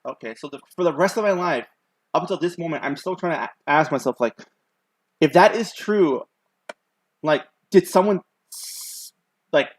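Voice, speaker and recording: A man's voice: on the high side, fairly bright tone, poor audio. A young man streaming while he draws, telling a long story in a loose, rambling way with lots of fillers. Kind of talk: casual chat while drawing.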